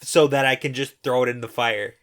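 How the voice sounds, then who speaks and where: A man's voice: mid-range voice, steady tone, fairly quick, a bit bright. A man co-hosting a podcast in casual chat about a novel, joking around and laughing a lot. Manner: jokey, riffs on the story, laughs a lot. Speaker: podcast co-host. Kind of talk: casual book-discussion chat.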